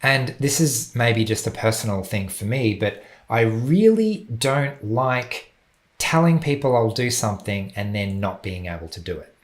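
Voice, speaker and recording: A man's voice: fairly low pitch, big pitch swings. Thoughtful man talking to camera. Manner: thoughtful, measured, self-reflective. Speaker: vlogger. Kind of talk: reflective personal talk to camera.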